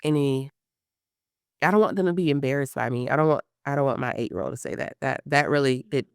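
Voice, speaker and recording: Woman in her thirties, smooth clear voice, lively storyteller who acts out quotes, dry close mic. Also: very deep voice, fast talker, dry recording. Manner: animated storytelling, acts out quotes, many fillers. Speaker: guest, pre-surgery patient. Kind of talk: emotional personal interview.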